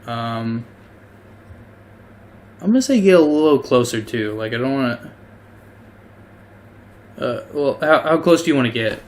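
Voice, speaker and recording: Slow, hesitant male game master. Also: mid-range voice, expressive. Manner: hesitant, full of ums and rethinking. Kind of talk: narrating a tabletop game.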